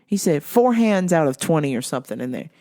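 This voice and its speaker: A woman hosting her own show, ranting in a casual, animated and exasperated way, swearing freely. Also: deep voice, brisk. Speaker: show host.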